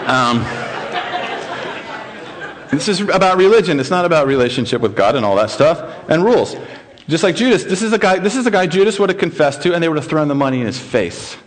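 A man's voice: a little high, very animated, fairly quick, crowd noise. A middle-aged male pastor telling a story in a sermon, acting out the voices of the people in it.

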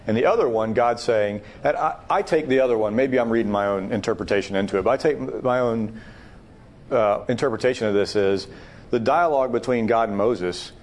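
A man leading a Bible study, teaching in a loose, discussion-style way. He talks emphatically and restarts phrases as he works through an idea. His voice sits in a middle pitch. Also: a little fast. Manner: emphatic, thinks aloud with restarts.

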